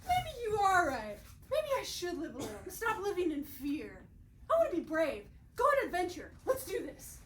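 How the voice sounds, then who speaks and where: A woman's voice: very high voice, huge pitch swings, normal speed, a little hiss or hum, full character voice. A woman playing a timid, melodramatic young cave woman on a live stage, whining and panicking. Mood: panicky. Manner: whiny, panicky, over-dramatic. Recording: roomy theatre heard from far off.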